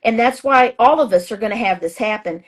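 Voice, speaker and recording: A woman with a voice pitched a little high talks as a guest astrologer in a relaxed interview. She speaks in a chatty, emphatic way, restarting sentences and filling pauses as she goes. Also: husky. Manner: acts out her own past thoughts in a raised voice. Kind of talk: casual interview talk.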